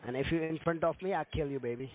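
A man answering as a phone support agent, quiet and hesitant. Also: on the high side, fast talker. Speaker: call center agent. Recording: faint tinny phone line.

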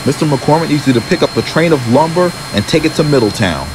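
A man's voice: a little high, animated, fast talker, noisy background, lightly acted. A man voicing a hesitant male railway yard manager handing out jobs with many ums.

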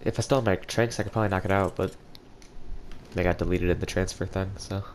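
A man's voice: low voice, steady tone, quick pace, slight background noise. A young man with a cold and a stuffy nose, casually commentating a video game as he plays and thinks aloud. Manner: rambling, thinking aloud while playing. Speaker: gaming channel host.

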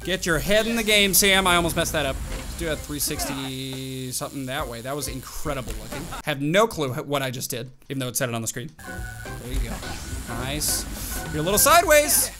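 A man's voice: medium pitch, brisk, rough recording. A young man hosting a gaming channel, talking to himself through his gameplay in casual commentary, swinging between groans and cheers. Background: game music.

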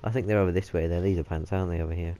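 A man's voice: sits low, fairly even intonation, racing, warm tone, faint music behind. A man, swearing and joking constantly while commentating on his gameplay. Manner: sweary, joking, laughs often. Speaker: gaming channel host.

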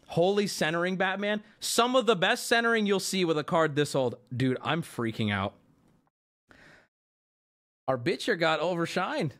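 A man in his thirties streaming live, talking casually and swearing, breaking into loud outbursts. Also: on the high side, big pitch swings, unhurried, pauses often. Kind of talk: live stream pack opening.

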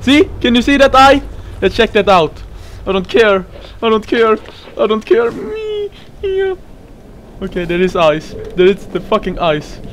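A man's voice: high-pitched, normal speed, slight background noise, rough recording. A young man commentating a horror game playthrough, jumpy and swearing, with yelps and nervous laughter. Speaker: gamer.

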